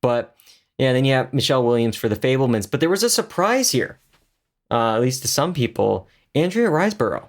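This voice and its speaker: A man's voice: medium pitch, very animated, a little fast. A man co-hosting a podcast in casual chat, jokey and chatty with many fillers. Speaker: podcast co-host.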